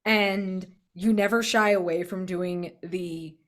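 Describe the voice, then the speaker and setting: A woman gushing in casual chat after a tabletop game session, excitable and swearing freely. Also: on the low side, slow.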